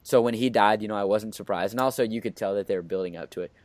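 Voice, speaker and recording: A man's voice: lowish voice, very fast, dry recording. A man hosting a casual movie review, leading the talk with eager opinions and lots of "you know"s. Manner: enthusiastic, leads the discussion, many "you know"s. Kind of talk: casual chat.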